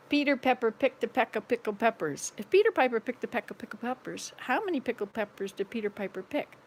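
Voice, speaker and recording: Chatty woman in her sixties, slightly high. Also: lively intonation, fast, hardly any pauses, slight background noise. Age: 60s. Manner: chatty, rambling, playful, laughs at her own tongue-twister slips. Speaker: vlogger. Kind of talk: casual home vlog chat. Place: at home, walking from room to room.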